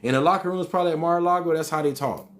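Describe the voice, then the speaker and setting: A man's voice: on the high side, very fast. Emphatic man answering a live chat. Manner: emphatic, repetitive, answers chat comments directly. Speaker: livestream host reading chat. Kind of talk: casual live-stream commentary.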